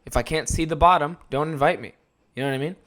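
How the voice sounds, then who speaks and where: A man's voice: fairly high pitch, fast talker. Rowdy young man, solo podcast host, loose profane storytelling with lots of laughter. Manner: animated, profane, rambling, laughs often.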